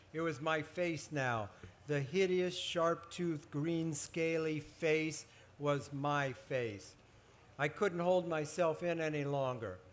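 A man, a children's author, reading his own horror story aloud at a book festival, expressive and building suspense. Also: fairly high pitch.

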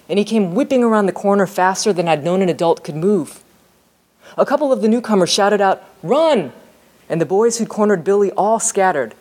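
A woman author reading her novel aloud in a steady, measured storytelling voice. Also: sits low.

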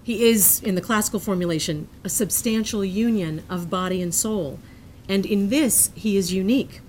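Woman reading a lecture, earnest and measured. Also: mid-range voice, a little mellow, slight background noise. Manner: measured and earnest, breaking into self-amused asides. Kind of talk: reading a prepared lecture aloud.

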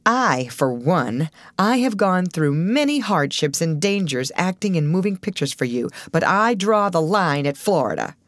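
A woman's voice: on the low side, big pitch swings, measured pace, hardly any pauses, no echo, clean studio sound. A woman voicing a stingy, grouchy middle-aged male actor who complains and sneers at everything. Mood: grumbling.

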